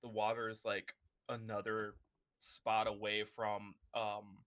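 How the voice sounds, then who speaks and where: Bright-voiced man in a rambling chat. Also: fairly low pitch, monotone, slow pace. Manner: rambling, lots of filler words, laughs often. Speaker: book club podcast co-host. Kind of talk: casual chat.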